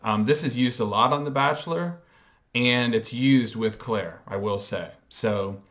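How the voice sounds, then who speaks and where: A man's voice: mid-range voice, fairly bright tone. Hesitant man musing on camera. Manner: reflective, hesitant, frequent ums; explains and coins terms in a measured way. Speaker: pop culture vlogger. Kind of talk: casual commentary.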